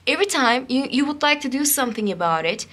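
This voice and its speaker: A woman giving a casual, excitable coffee cup reading to her viewers, talking loosely with many fillers and keeps checking in with "okay?". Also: sits high, fast talker. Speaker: coffee cup and tarot reader.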